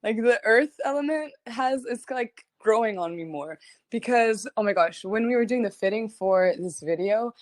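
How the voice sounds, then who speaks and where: A woman's voice: a little high, expressive, moderate pace, no echo. A young woman singer chatting casually on a livestream, rambling and giggling, full of "like" fillers. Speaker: singer hosting a streaming listening party.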